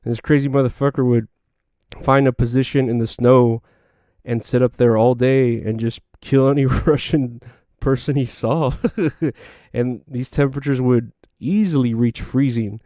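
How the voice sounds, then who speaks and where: Laid-back profane man with mellow voice. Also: mid-range voice, steady tone, a little slow, no echo, studio quality. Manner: loose, profane storytelling with frequent fillers. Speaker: podcast host. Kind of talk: casual solo podcast monologue.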